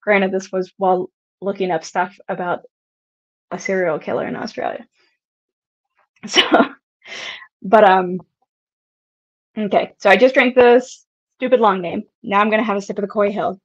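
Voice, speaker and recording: A woman's voice: medium pitch, steady tone, normal speed, pauses often, highs cut off. A woman hosting a casual whiskey livestream, rambling with lots of giggles and casual swearing. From United States. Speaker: whiskey channel host.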